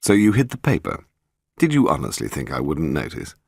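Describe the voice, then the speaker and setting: Man doing a calm dry-humored gentleman detective, very deep, bit husky. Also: a little fast, dry recording, exaggerated voice. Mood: dismissive. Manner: calm and wry. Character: suave gentleman novelist-sleuth, dryly amused.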